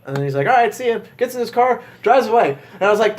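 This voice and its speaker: Animated, cussing young man telling a story. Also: high voice, fast, few pauses, slight background noise. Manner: swearing, animated storytelling with laughter. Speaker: podcast co-host. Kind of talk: casual chat.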